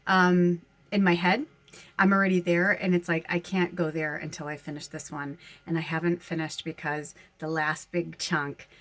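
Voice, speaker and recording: A woman's voice: fairly low pitch, flat delivery, moderate pace, fairly bright tone. A woman medium talking casually to her followers, rambling and chatty, often breaking into laughter. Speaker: spiritual medium and channel host.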